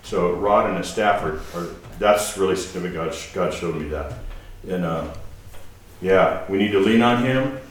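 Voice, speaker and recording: A man giving an informal, halting sermon with asides, as a guest preacher. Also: low voice. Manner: conversational, halting, with restarts and asides. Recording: echoey hall from a distance with faint noise.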